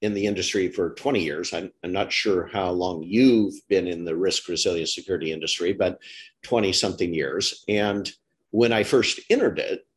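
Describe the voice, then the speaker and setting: In a relaxed interview conversation, a middle-aged podcast host rambles at length, often starting over and fixing his own words. His voice sits low and moves at a normal speed.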